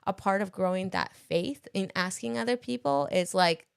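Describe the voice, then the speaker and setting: Woman podcast co-host, casual chat, quick to laugh, mid-pitched voice. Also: creaky, smooth. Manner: laughs often, reads viewer comments aloud.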